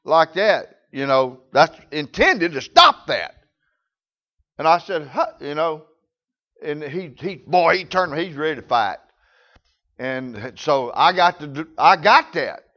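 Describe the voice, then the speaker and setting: A man's voice: on the high side, animated, takes it slowly, bright, forceful tone, lo-fi sound. A man preaching a sermon, telling folksy stories in rural grammar.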